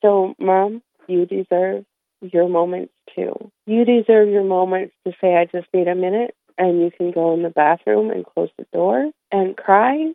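A woman's voice: medium pitch, creaky, no echo. A woman guest on a radio show, speaking candidly and with emotion, holding back tears. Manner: emotional, candid, warm with light laughter. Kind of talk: radio interview. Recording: tinny phone line.

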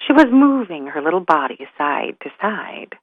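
A woman telling a folk tale, slow and dramatic in her delivery, heard over a tinny line. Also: lowish voice, big pitch swings, no echo. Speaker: storyteller. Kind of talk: storytelling narration.

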